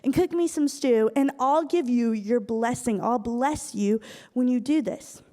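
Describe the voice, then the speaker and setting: A woman's voice: a little high, measured pace, mellow, natural voice. Woman doing a frail, nearly blind old father. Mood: doubtful. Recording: echoey hall.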